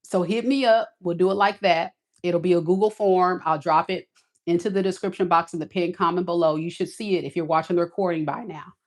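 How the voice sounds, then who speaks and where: Folksy woman doing a tarot live, chatty, kinda low voice. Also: fairly even intonation, fairly quick. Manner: folksy, chatty, addresses viewers as y'all. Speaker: tarot reader hosting a live stream. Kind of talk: casual live-stream talk.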